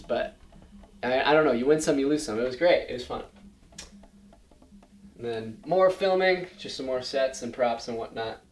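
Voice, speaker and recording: A teenage boy talks through his project slides in a relaxed, chatty way, explaining each step as he goes. His mid-pitched voice rings out in a roomy space. Faint music plays underneath. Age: late teens. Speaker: student presenter. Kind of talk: casual slideshow presentation. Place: school presentation room.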